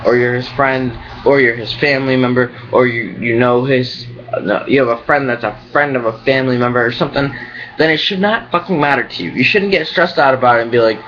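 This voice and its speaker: A man's voice: medium pitch, a little fast, fairly bright tone, dull audio. A young man vlogging in a rambling, profane, ranting way. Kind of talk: casual rambling vlog.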